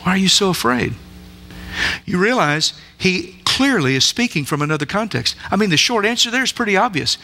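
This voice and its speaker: Male preacher, sermon delivery, emphatic questioner, sharp bright tone. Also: sits high, sing-song, brisk, gravelly, faint music behind. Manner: emphatic, asks the listeners many rhetorical questions. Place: church sanctuary.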